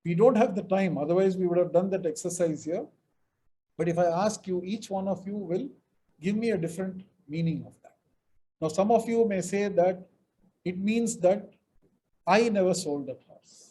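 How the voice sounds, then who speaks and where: A man's voice: high voice, normal speed, dark tone, breathy edge, rough recording. A middle-aged man from India giving a webinar lecture on mediation, stressing words emphatically and acting out example sentences. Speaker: mediation trainer.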